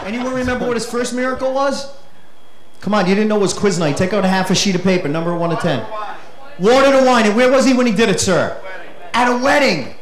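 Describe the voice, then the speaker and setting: Brash stand-up comic. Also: male voice, high voice, quick pace. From Rhode Island, USA. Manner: brash, punchy, working the crowd. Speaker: stand-up comedian. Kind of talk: stand-up routine. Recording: live club recording, audience laughter. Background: crowd laughter, noise.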